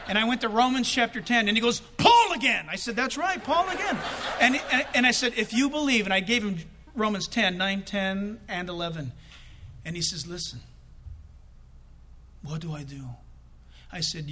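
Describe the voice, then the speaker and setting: High, bright, animated male preacher. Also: normal speed, long pauses. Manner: storytelling with acted-out quotes, bursts of laughter. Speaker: preacher telling a personal story. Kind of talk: animated sermon anecdote.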